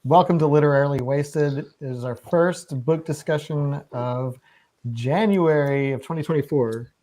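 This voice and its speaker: A woman's voice: sits low, moderate pace, dark tone, rough recording. A woman hosting a live book discussion in casual, playful chat. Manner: chatty, playful, leads the talk. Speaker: book club host.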